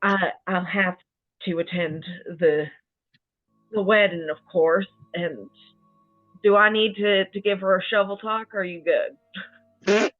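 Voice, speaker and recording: A woman voicing a fond and proud fatherly man, doting and a little halting. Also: medium pitch, fairly even intonation, faint music behind, close to an everyday voice. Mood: overjoyed. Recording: muffled, phone-like call audio.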